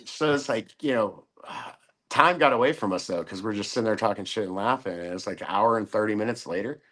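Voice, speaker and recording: Lower-voiced man telling a profane story. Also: brisk, a bit bright. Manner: profane, acts out quoted voices. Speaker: podcast guest. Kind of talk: casual storytelling in a podcast interview.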